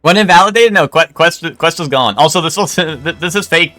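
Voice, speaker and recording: A man's voice: fairly high pitch, a little fast, pushed and bright. A young man streaming a game live, rambling and joking with crude banter to his chat. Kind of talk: casual live gameplay chat.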